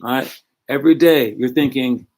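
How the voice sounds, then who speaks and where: A man's voice: mid-range voice, normal speed, darkish tone. A man coaching young basketball players, giving a casual, encouraging motivational talk from home into a computer microphone and correcting himself as he goes.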